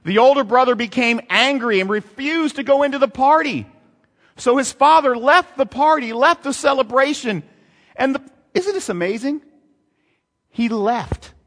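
Pastor guy preaching, high voice swinging all over, lots of rhetorical questions, long echo like a big hall. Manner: animated, rhetorical questions, reads and retells scripture. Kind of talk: sermon.

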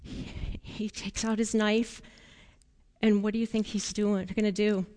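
A woman leading a children's sermon, telling a Bible story in a playful, animated way and asking the children questions. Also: medium pitch, measured pace, in a large hall.

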